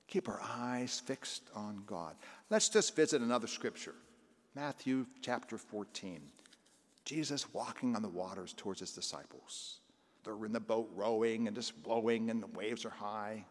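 Older priest preaching in a reverberant church. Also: male voice, on the low side, moderate pace. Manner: conversational preaching, acting out scripture voices. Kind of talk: sermon.

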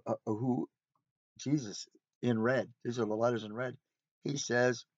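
A man's voice: medium pitch, fairly even intonation, a little slow, pauses often, dry recording. A man leading an informal Bible study, speaking conversationally with rhetorical questions and emphatic asides. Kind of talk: informal sermon. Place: recreational vehicle. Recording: dry, dull lo-fi sound.

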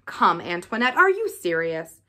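A woman voicing a reckless, spoilt young nobleman who talks loud and merry with a sneer. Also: on the low side, big pitch swings, measured pace, pitched below the performer's own voice, heavily acted. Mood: mocking.

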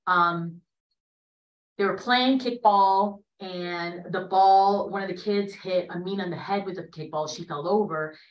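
A woman's voice: lowish voice, a little slow, dull audio. Woman in her late thirties, far from the mic. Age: late 30s. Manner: conversational, tags sentences with "right?". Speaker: panelist in a dialogue gathering. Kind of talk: personal storytelling in a panel conversation. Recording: roomy, from a distance to the mic.

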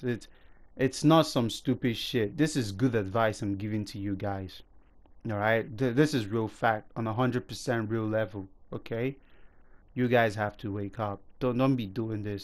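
A young man ranting to his viewers, heated and profane, scolding them and then pleading with them. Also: medium pitch. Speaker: gaming YouTuber. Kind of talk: angry rant to camera.

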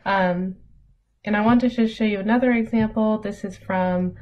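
A woman teaching an online lesson in a relaxed, casual way, with many ums as she reads examples aloud. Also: medium pitch, moderate pace. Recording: dull lo-fi audio with faint noise.

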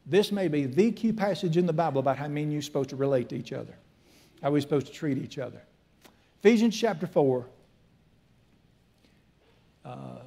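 Preacher in his sixties, slightly high voice, folksy and emphatic storytelling sermon. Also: mellow. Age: 60s. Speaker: pastor.

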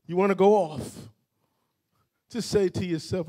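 High-voiced preacher man, call and response, goes quiet then shouts, church sanctuary. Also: fairly even intonation, a little slow, pauses often. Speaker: pastor. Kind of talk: sermon.

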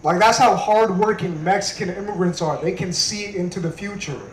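A man performing a stand-up comedy set on a club stage, telling jokes in a conversational way with deadpan punchlines. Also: sits high, moderate pace, roomy sound, poor audio.

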